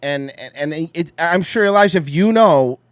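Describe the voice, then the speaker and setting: A man's voice: fairly high pitch, animated, normal speed, dry recording. A man co-hosting a podcast, talking casually with profanity and restarts. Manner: profane, chiming in, rambling. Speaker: co-host.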